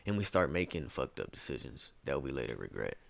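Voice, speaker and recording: A man's voice: a bass voice, very animated, a little fast, creaky, slight background noise. A young man in his twenties from Ohio, a guest in a casual interview, rambling through stories and saying "bro" a lot. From Ohio, USA. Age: 20s. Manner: rambling storytelling, peppered with "bro".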